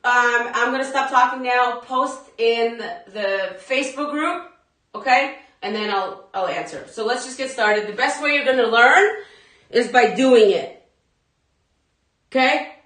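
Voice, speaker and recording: During a live workout class, a woman instructor keeps laughing as she talks directly to her viewers. Her voice is on the high side, unhurried and fairly bright, and the phone capturing it is far away in an echoey space.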